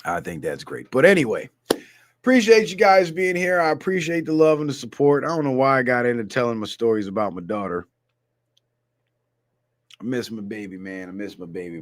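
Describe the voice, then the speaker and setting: A middle-aged livestream host with a mid-range voice talks at normal speed, with long pauses. He tells stories loosely and casually, swearing plenty and tossing in animated asides.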